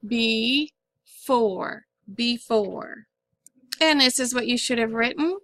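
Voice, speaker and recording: A woman's voice: on the high side, a little fast, bright, forceful tone. A woman teaching a phonics lesson, patiently sounding out words syllable by syllable.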